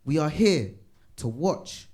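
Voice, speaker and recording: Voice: mid-range voice, animated, takes it slowly, background noise. Hyped comedy-club host. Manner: loud, hyped, chatty, asks the crowd for applause. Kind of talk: hyping up a live crowd. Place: small comedy club in a pub.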